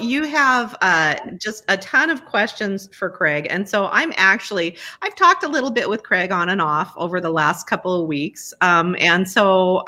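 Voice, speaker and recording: A woman's voice: mid-range voice, pushed and bright. A woman hosting a podcast, chatting casually and upbeat over a video call. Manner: chatty, upbeat, laughs often. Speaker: podcast host. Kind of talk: casual chat.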